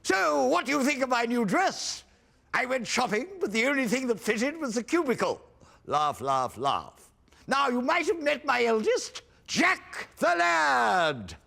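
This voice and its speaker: Casting: a vain camp stage veteran in a dame role, very high, sharp and gravelly. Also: male voice, sing-song, unhurried, full character voice. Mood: hammy. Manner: theatrical, pompous, speaks stage directions aloud. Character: camp veteran male actor playing a panto dame. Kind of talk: TV comedy drama acting.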